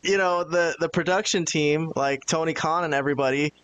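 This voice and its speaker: A man's voice: fairly high pitch, fairly even intonation, brisk, fairly bright tone. A man hosting a podcast in casual chat, recounting events with fillers and steering the discussion. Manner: storytelling, hesitant fillers, steers the talk. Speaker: podcast host.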